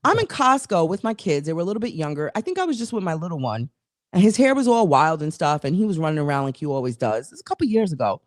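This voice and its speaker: A woman's voice: deep voice, quick pace, dry recording, studio quality. A woman co-hosting a casual talk show, telling a long, rambling story full of restarts and asides. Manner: animated, rambling, restarts stories. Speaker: co-host.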